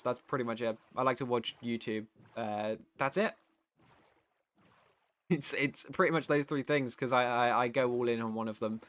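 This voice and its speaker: A British man, a streamer and voice actor, chats casually on a live stream, reading the chat aloud and rambling with the occasional swear. His voice sits at a medium pitch with a fairly bright, clean tone and no echo.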